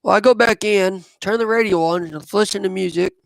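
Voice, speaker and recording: A man, telling a personal story in a rambling, halting way. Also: sits high, creaky, no echo. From southwest Missouri. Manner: rambling, halting, with many fillers. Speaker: vlogger.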